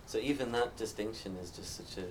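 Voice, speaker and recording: A low-voiced man speaks as a panelist, thoughtful and storytelling. The mic sits some way off from him, and a faint background noise hangs under his voice. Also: a little fast, distant mic. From Northumberland, England. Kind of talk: live panel discussion.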